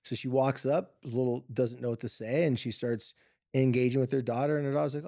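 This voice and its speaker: A man hosting a podcast, retelling a family story in a casual, lively way with filler words and quoted voices. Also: mid-range voice, fast talker, no echo, studio quality. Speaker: podcast host. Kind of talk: storytelling monologue.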